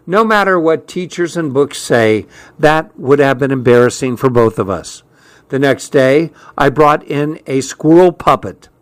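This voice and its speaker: Male narrator for a first-person novel: measured, slow delivery, dry booth sound. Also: mid-range voice, expressive, no room sound. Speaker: audiobook narrator.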